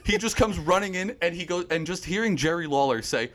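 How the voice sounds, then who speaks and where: A man who is a podcast guest, telling a story in a relaxed casual chat. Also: sits high, fairly quick.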